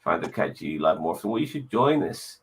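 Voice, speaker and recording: A man hosting a casual online chat show, blunt and quick to swear, with cheery sign-offs. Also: sits low, sing-song, low-quality recording. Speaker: podcast host.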